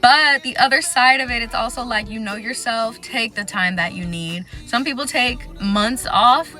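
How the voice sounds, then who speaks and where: Young woman vlogger, crisp forceful tone, candid chatty delivery, soft music under the voice. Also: fairly high pitch. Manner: candid and chatty, lists things off quickly. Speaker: vlogger sharing exam advice. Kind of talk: casual talking-to-camera vlog.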